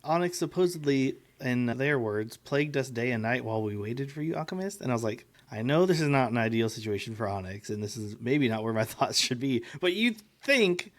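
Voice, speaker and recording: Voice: mid-range voice, lively intonation, brisk, hardly any pauses. A co-host on a casual book club podcast who makes wry jokes. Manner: wry, joking.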